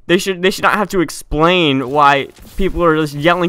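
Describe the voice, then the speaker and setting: A teenage boy rants hotly in an opinion vlog, his voice bright and a touch higher than most. He talks in a clean, crisp tone, tripping over words and restarting sentences as he gets indignant. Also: moderate pace. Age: teens. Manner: heated, indignant ranting with frequent restarts and stumbles. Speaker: gaming YouTuber.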